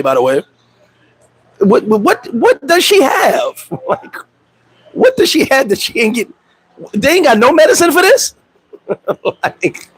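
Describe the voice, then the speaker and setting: A man hosting a casual livestream chat, animated and laughing, telling stories with profane street slang and acting out quotes in high voices. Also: husky, no room sound, rough recording. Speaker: host. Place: Dominican Republic.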